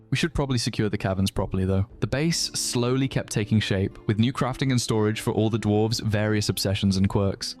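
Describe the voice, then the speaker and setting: A man narrating his own game playthrough with dry jokes and the odd curse. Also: fairly low pitch. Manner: dry joking, swears, shouts in alarm at game events. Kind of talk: wry game narration mixed with live stream reactions.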